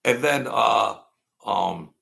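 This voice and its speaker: A man's voice: lowish voice, lively intonation, very slow, creaky, bright, forceful tone. A man from Brooklyn, rambling through a story in a casual monologue, repeating phrases and acting out what people said. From Brooklyn, New York. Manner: rambling, repeats phrases, acts out quoted lines. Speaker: storyteller host.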